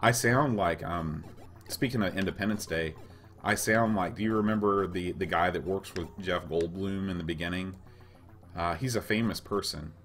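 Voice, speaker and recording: A hoarse, raspy middle-aged man co-hosting a podcast, rambling casually as he plays a retro game. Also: sits low, moderate pace, a bit bright, faint music behind. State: hoarse, coughing. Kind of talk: casual gameplay chat.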